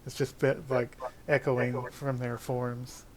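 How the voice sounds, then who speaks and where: A man runs a tabletop game as game master, laying out each scene in slow, descriptive narration. His voice stays flat and even at a middle pitch. Faint noise sits behind him.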